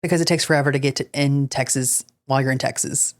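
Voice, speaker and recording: A woman co-hosting a casual podcast talks fast in a bass voice with a steady tone. She's chatty and quick to laugh, packs her speech with fillers, and drifts into reading ghost-story notes.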